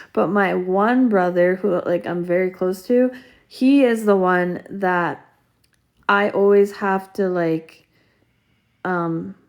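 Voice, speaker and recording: Slow, rambling woman telling a story. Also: mid-range voice, a little mellow. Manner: rambling, with frequent "like" and restarts. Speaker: vlogger. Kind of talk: casual storytelling.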